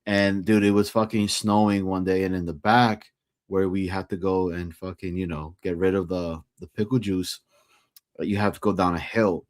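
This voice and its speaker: A man tells a rambling, profane story in a laid-back way, co-hosting a podcast. His voice sits somewhat low, and the recording is dry with no room sound. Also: steady tone, normal speed, dry recording. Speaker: podcast co-host. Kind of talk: casual chat.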